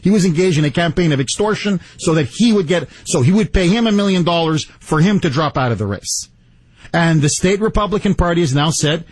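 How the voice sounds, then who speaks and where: A man's voice: fairly high pitch, lively intonation, fairly quick, no echo. A man hosting a political talk radio show, delivering an emphatic monologue and stressing his words.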